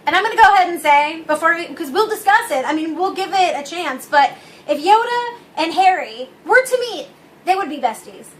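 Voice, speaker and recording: Very high-pitched young woman, goofy chatter. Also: animated, fairly quick, fairly bright tone, slight background noise. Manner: goofy, bursts into laughter and silly voices. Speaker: co-host. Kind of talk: casual chat.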